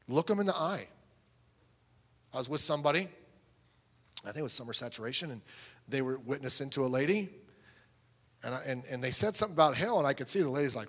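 A man's voice: mid-range voice, expressive, brisk, long pauses, pushed and bright, long reverb tail. A middle-aged man preaching a sermon as a pastor, telling stories and acting out both sides of conversations.

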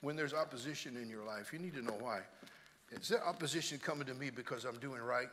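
An older man preaching a sermon in a church, moving between hushed storytelling and loud exhortation. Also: medium pitch, fast talker, in a large hall.

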